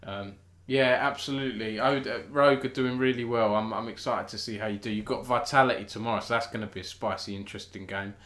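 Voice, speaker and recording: A man's voice: on the low side, steady tone, quick pace, hardly any pauses, a bit bright, echoey room. A British man hosting a casual live-streamed esports news chat. He talks in a chatty way, restarts often and thinks aloud.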